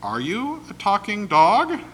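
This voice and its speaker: A man's voice: sits high, huge pitch swings, takes it slowly, fairly bright tone, slightly rough, voice pushed up, full character voice. A man playing an astonished old preacher. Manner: incredulous questioning. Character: astonished older male preacher, curious.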